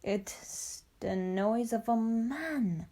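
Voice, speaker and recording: A woman voicing a brave, fierce mother wolf in a storybook, speaking slowly and protectively. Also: fairly high pitch, animated, dark tone, exaggerated voice. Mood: calm. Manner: bold, protective. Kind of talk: storybook reading.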